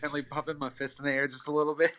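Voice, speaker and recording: A man's voice: on the high side, level tone, very fast, fairly bright tone. A man playing a tabletop game, describing his character's actions in a laid-back, hesitant way. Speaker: player. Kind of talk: casual tabletop play.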